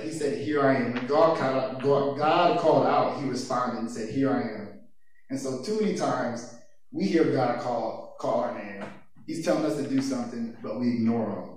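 A man's voice: mid-range voice, a little mellow. Chatty young man preaching in an echoey room. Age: young adult. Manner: chatty, laughing, personal storytelling. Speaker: youth speaker. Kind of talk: casual youth sermon. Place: church youth room. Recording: echoey room from far off, faint noise.

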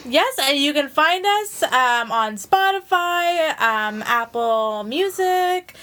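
A woman's voice: high voice, lively intonation, slow pace, sharp tone. A woman co-hosting a podcast in casual chat, asking playful, teasing questions. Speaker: podcast co-host.

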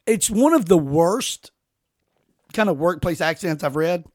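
A man's voice: sits high, expressive, a little slow, dry recording, studio quality. A man hosting a podcast, telling rambling, profane stories with lots of restarts. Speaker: podcast host. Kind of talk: casual podcast chat.

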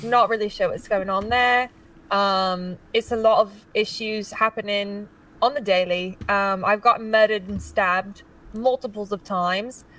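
A woman's voice: mid-range voice, steady tone, measured pace, a bit bright, far from the mic, lightly acted. A woman voicing a young woman from London for a role-play game, in a put-on British accent and a chatty, rambling way. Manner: chatty, rambling, lightly improvised.

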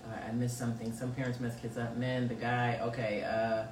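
A woman's voice: rumbling low, level tone, a little fast, darkish tone. Laughing slangy woman host, echoey and distant. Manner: laughing, teasing, loose slangy delivery. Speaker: podcast host reading live chat. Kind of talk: casual chat. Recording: roomy echo, distant mic, faint noise.

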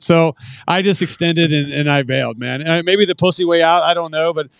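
A man's voice: a little high, fast talker, creaky, fairly bright tone, clear, resonant tone, no room sound. A retired Marine man in his forties telling rambling, profane war stories in a casual podcast interview.

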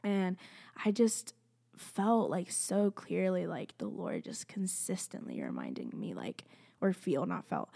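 With a lowish, gravelly voice that swings widely in pitch, a young adult student shares her faith journey in a heartfelt, casual talk to camera. She keeps a measured pace, rambles with endless "like" fillers, and drifts into soft whispers, recorded on a close personal microphone.

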